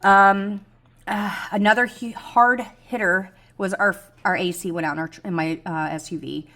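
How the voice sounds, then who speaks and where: A middle-aged budgeting vlogger chats frankly to camera about her budget goals, rambling with lots of ums and teasing herself. Her voice is medium-pitched, steady, and sharp in tone, at a moderate pace.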